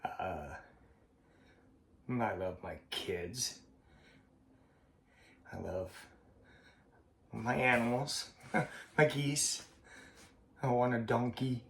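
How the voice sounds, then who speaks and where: A man vlogging in a slow, halting, heartfelt way, with a frequent cough. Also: medium pitch, fairly even intonation, gravelly, fairly bright tone. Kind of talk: personal vlog monologue. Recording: roomy echo.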